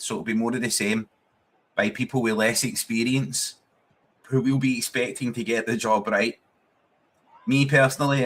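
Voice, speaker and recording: A young Scottish man streams a live football watchalong, chatting casually with his viewers in a mid-range, fairly bright voice. He swears freely and frequently bursts out laughing.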